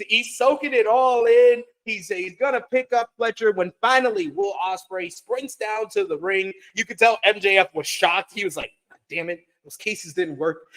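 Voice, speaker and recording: A man recapping a wrestling show play by play as a podcast reviewer, with excited asides. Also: high-pitched, low-quality recording.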